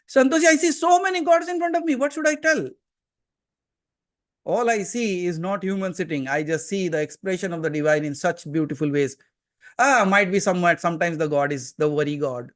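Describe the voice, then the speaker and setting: A man with an Indian accent, giving a satsang sermon as a spiritual teacher and pressing his listeners with earnest, emphatic questions. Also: on the high side. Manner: switches into Hindi mid-talk. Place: seated before a gathering.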